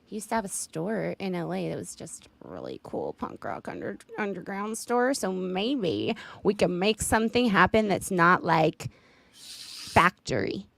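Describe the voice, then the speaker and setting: A woman hosting a casual livestream chat, effusive and warm, swearing casually. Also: fairly low pitch, very animated, unhurried, vocal fry. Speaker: livestream host.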